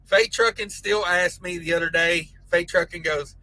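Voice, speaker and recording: Joking trucker man, bright high voice. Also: moderate pace, hardly any pauses, no echo, low-quality recording. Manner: crude joking banter, laughs often. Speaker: trucker live-stream host. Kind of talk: casual live-stream chat reading super chats.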